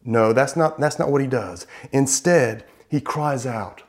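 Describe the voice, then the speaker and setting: A man preaching a sermon, emphatic, slowing down to stress key words. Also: mid-range voice.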